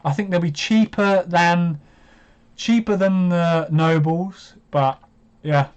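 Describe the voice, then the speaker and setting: A man hosting a live watch-along stream, chatty and hesitant, breaking into excited reactions as he comments. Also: high-pitched, slow pace, clean tone, lo-fi sound.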